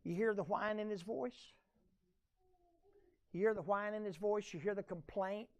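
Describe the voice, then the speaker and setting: A man's voice: high voice, fairly even intonation, moderate pace, a little mellow. A male pastor, preaching a conversational sermon and drawing his congregation in with questions. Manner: folksy, conversational preaching with audience call-and-response.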